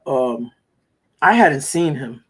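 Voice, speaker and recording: A man's voice: mid-range voice, lively intonation, takes it slowly, husky, low-quality recording. Rambling, profane male storyteller. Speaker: podcast host. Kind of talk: casual chat.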